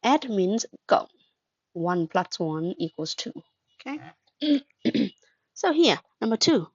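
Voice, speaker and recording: Speaking at a medium pitch and a slow pace, this woman sounds very animated, though the audio is dull and has no echo. She patiently runs an English lesson, asking questions, praising answers, spelling words aloud and explaining them in Vietnamese, her native language.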